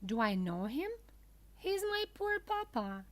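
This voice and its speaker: A tearful wooden puppet boy from a children's storybook, as a woman reads him out. he is eager and easily upset, and his pleading cries climb up high. he speaks slowly. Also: big pitch swings.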